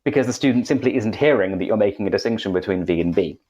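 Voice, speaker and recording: Welsh male podcast co-host, low voice, rambling and chatty, often restarts sentences. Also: expressive, fast talker, darkish tone, highs cut off. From Wales. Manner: rambling, self-correcting, chatty. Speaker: podcast co-host, English teacher. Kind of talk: casual podcast discussion.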